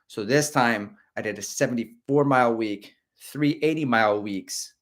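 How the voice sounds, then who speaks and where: A man's voice: medium pitch, normal speed. Brief: middle-aged male streamer, casual, chatty, reads comments aloud. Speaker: host of a running livestream. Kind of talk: casual livestream chat.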